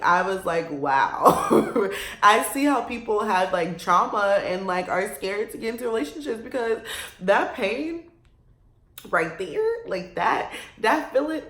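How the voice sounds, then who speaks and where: A young woman in her twenties talks to her viewers in a loose, confessional way, wandering through her thoughts and laughing now and then. Her voice sits slightly low for a woman, and the room gives it a noticeable echo. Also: fairly bright tone. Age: 20s. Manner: rambling, candid, laughs between remarks. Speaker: vlogger. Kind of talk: casual confessional chat.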